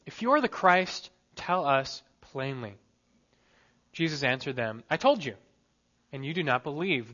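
Guy preaching, bright forceful voice, emphatic, keeps asking the crowd questions, kinda muffled lo-fi sound. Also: a little high. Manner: emphatic, asks the listeners questions, slows down on key words. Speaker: pastor. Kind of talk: expository sermon.

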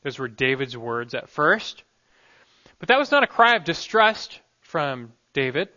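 A man preaching with earnest, emphatic force. His voice is bright and forceful, pitched a little high, and the recording is slightly dull and lo-fi. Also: very animated, unhurried. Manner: earnest, emphatic, dynamic delivery. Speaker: pastor. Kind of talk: sermon.

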